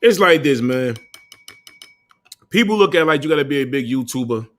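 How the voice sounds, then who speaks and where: A man's voice: mid-range voice, lively intonation, fairly quick, noisy background. A young man hosting a casual livestream, bantering loosely in slang, swearing and calling out to his viewers. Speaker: livestream host.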